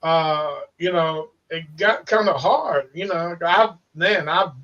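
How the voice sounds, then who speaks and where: A man's voice: a little high, slow, pushed and bright. Man, ghost-hunter guest, rambling casual talker, distant muffled call audio. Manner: swearing, rambling, repeats words. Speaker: paranormal investigator and podcast guest. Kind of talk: casual chat.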